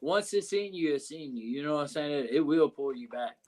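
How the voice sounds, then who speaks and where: A man, a wrestler guest telling stories in an animated, profane, filler-heavy way. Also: fairly high pitch, a little fast, a crowd in the background. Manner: animated, profane storytelling with many "you know what I'm saying" fillers. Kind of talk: casual storytelling interview.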